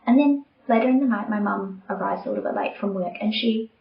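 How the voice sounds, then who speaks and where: Young woman podcast host, earnest and open, soft near-whispers at times; roomy, slightly muffled home recording. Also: fairly high pitch, fast, few pauses. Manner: candid, earnest, softening to near-whispers at tender moments. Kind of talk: personal reflective monologue.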